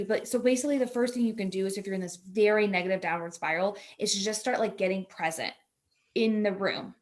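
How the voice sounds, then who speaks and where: A woman co-hosting a talk, coaching a guest in a casual, chatty way, full of "like", acting out inner voices. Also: medium pitch.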